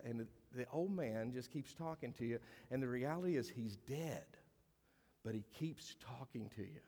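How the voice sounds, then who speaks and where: A man's voice: medium pitch, mellow, long reverb tail. A man preaching a sermon as pastor, earnest and conversational, with rhetorical questions and scripture reading in a church.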